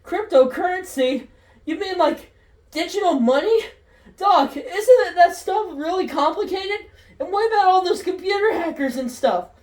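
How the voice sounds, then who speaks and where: A woman voicing a nervous, exasperated young man who whines and yells in alarm, recorded in a roomy space from a distance. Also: very high-pitched, animated, normal speed, pitched above the performer's own voice. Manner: whiny, yelling in alarm. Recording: roomy echo, distant from mic.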